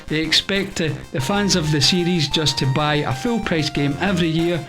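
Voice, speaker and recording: Man host talking over guitar music. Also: fairly high pitch. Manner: measured, earnest, explanatory. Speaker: channel host answering viewer questions. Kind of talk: scripted-sounding Q&A answers.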